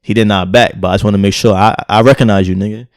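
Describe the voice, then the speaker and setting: A man's voice: on the low side, steady tone, quick pace, dry recording, studio quality. A man from Brooklyn, co-hosting a podcast and telling a rambling street anecdote in a loose, casual way, full of "like" and "right?". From Brooklyn, New York. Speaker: podcast co-host. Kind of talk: casual storytelling chat.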